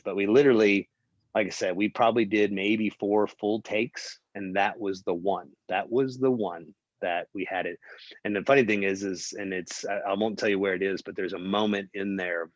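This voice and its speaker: Speaking at a normal pace in a fairly low voice, a male film producer shares a behind-the-scenes tale during an interview. He brings it to life by performing others' quotes, often stumbling into fillers and starting over. The audio is dry and muffled.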